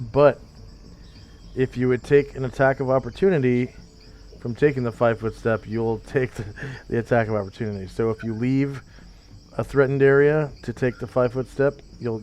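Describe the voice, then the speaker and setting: A man's voice: medium pitch, darkish tone. A man running a tabletop game, telling a long story in a loose, filler-heavy way and explaining rules. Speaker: game master. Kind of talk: casual tabletop game chat.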